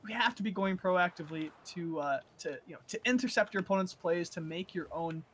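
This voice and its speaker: A man's voice: high voice, fairly quick, a bit bright. Analytical male esports co-caster. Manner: analytical, many fillers and restarts. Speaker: color commentator.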